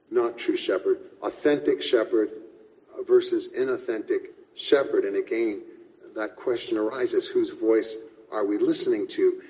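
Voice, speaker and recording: A man preaching a sermon as pastor, measured and reflective, often restarting words as he speaks. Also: mid-range voice, warm tone, in a large hall, rough recording.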